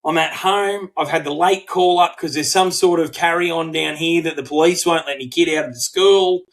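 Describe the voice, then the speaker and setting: A middle-aged Australian man co-hosting a podcast, telling a story in casual chat, swearing freely and acting out quotes in animated bursts. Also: on the high side, normal speed, rough recording. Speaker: podcast co-host.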